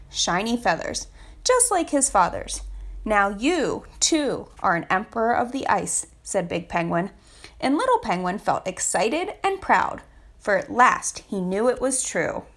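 A woman reading a children's picture book aloud for a family literacy storytime, expressive and lilting. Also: a little high.

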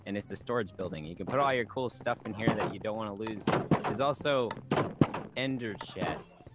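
A man's voice: on the low side, moderate pace, heavy background noise. A teenage boy chatting casually during a multiplayer game, hesitant and joking, on a headset mic. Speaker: server member giving the welcome. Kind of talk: casual gameplay chat. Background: background music.

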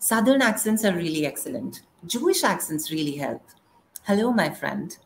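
Woman, middle-aged, spoken word poet, measured delivery, low pitch. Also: slight background noise, poor audio. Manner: slow, measured recitation. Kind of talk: spoken word poetry performance.

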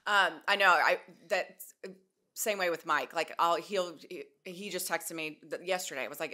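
Bright-voiced chatty woman podcast host. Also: fairly low pitch, moderate pace. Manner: animated storyteller, swears casually. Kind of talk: casual chat.

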